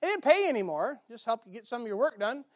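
A man's voice: extremely high pitch, very animated, quick pace, no room sound. Male pastor, folksy storytelling sermon, dry close mic. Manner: folksy storytelling with call-and-response asides. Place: church.

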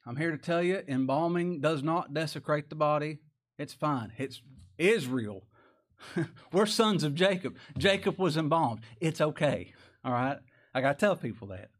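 A male pastor preaches in a homespun, conversational way. His voice sits a touch high for a man, and he keeps tossing out rhetorical questions and small chuckles. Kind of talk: sermon.

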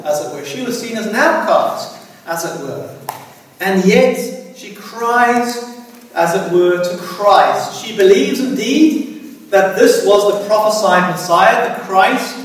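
A man preaching a sermon in a church, earnestly appealing to his listeners with repeated tag questions. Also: high-pitched. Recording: echoey hall from far off.

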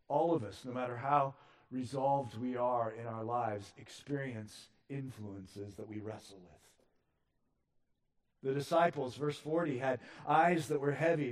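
A man preaching a sermon as pastor, moving between loud emphatic passages and hushed, low ones.

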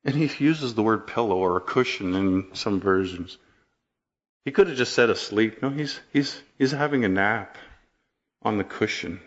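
A man's voice: fairly low pitch, normal speed, lo-fi sound. A man preaching a sermon, telling stories and asking rhetorical questions. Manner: storytelling, animated, rhetorical questions.

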